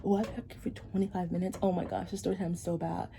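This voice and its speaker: A woman's voice: lowish voice, flat delivery, quick pace, gravelly, dark tone, a little hiss or hum. A woman telling a story to camera while getting ready, chatty and rambling, repeating herself for emphasis as she vents her frustration. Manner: frustrated, venting. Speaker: vlogger.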